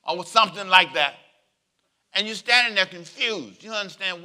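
A male pastor delivers a sermon in a very bright, somewhat high voice. He is animated, acts out the voices in his stories, and pulls the congregation into call and response. He jokes easily between points. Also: moderate pace.

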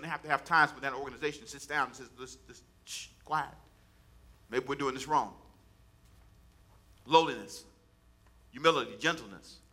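A pastor delivers a sermon in a somewhat high, sharp-toned voice. His style is folksy and colloquial, built on call-and-response: he repeats phrases for emphasis and urges the congregation to answer back.

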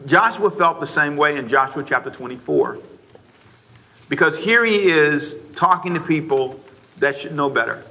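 A man's voice: fairly high pitch, sharp tone. A man preaching a sermon to his congregation, stressing points, repeating phrases and calling on the listeners to answer back. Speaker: pastor. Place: church before a congregation.

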